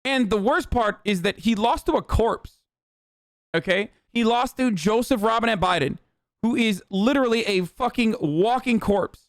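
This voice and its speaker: A man's voice: high-pitched, moderate pace, dry recording, studio quality. A young man streaming, riffing sarcastically and swearing a lot while reacting to videos. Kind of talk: casual stream commentary.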